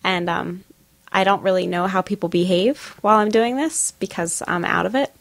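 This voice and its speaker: A woman co-hosting a podcast, recounting a story in relaxed casual chat with many pauses and ums. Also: medium pitch, vocal fry, no echo. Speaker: podcast co-host.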